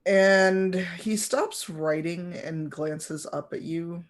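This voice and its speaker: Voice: mid-range voice, takes it slowly, hardly any pauses. A game master narrating a tabletop game in a rambling way, full of fillers and restarts.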